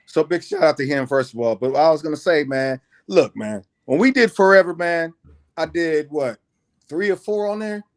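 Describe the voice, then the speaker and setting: Producer guest, slightly high voice, easygoing storyteller, keeps saying man. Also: moderate pace. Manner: laid-back, says "man" constantly, animated retelling. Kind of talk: casual storytelling interview.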